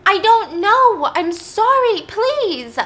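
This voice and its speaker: A woman voicing a frightened young girl who is crying and pleading, high and strained. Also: big pitch swings, slow pace, bright, forceful tone, heavily acted. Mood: sobbing, pleading. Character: terrified young girl sobbing.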